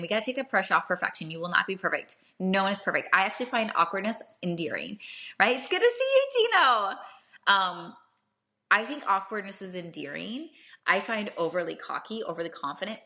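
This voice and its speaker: A young woman with a bright, forceful, medium-pitched voice hosts a casual dating advice talk before a live audience. She's chatty, keeps checking in with "right?", and acts out little snippets of dialogue.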